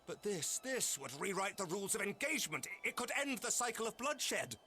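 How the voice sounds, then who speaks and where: A man voicing an earnest, formal nobleman who leads a holy city, speaking in measured, courtly phrases. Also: high-pitched, big pitch swings, pushed and bright, a little hiss or hum, full character voice. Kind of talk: formal game dialogue. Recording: game audio with faint music. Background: faint game music.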